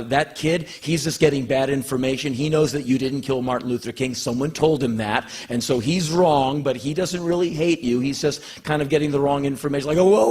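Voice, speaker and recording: A man in his fifties from Washington, D.C. tells a stand-up monologue, intense and profane, often bursting into shouts. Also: mid-range voice, slightly rough. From Washington, D.C., United States. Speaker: spoken-word performer. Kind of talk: stand-up spoken-word monologue.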